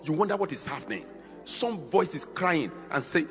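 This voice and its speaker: A man preaching a fiery sermon, swinging between shouted, half-sung peaks and quieter, slower stretches. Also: on the high side, sing-song, in a large hall, faint music behind.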